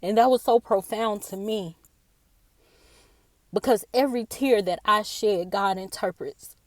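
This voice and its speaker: A woman giving a personal devotional talk, earnest and halting, often repeating her words, tearful after a day of crying. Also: mid-range voice, no echo. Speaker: faith speaker.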